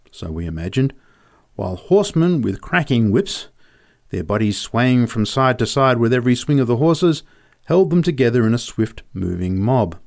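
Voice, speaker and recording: A man's voice: lowish voice, darkish tone. A man narrating a story in a vivid, descriptive reading.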